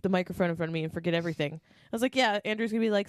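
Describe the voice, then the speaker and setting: A woman's voice: lowish voice, racing, no room sound, studio quality. A woman co-hosting a podcast in casual chat, candid and laughing often, swearing freely. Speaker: podcast co-host.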